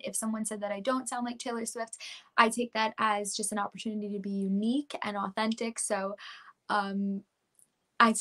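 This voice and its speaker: A woman's voice: mid-range voice, fairly bright tone. A woman with a New York accent, a pop country singer chatting casually as an interview guest, bubbly and laughing often.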